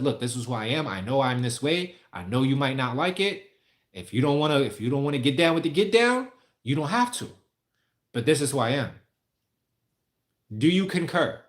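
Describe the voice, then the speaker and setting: A man on a casual livestream answering viewer questions, rambling, candid and profane. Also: mid-range voice.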